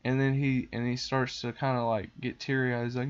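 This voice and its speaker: A man's voice: medium pitch, moderate pace, clear, resonant tone. Rambling man on a dull podcast mic. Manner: rambling, animated, with fillers. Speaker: podcast host. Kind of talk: casual retelling of a cartoon.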